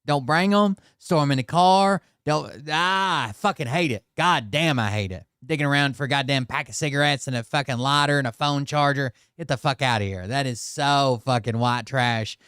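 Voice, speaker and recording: Ranting Appalachian man, clear dry voice. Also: mid-range voice, normal speed, few pauses, pushed and bright, no room sound. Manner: profane, ranting, exasperated. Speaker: commentary host. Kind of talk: reaction commentary.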